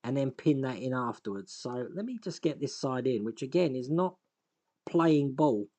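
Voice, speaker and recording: A man's voice: mid-range voice, lively intonation, moderate pace, a little mellow. Man thinking aloud over a fiddly build. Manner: thinks aloud while working, self-deprecating, sighs and chuckles. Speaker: host, scale model builder. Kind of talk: casual build commentary.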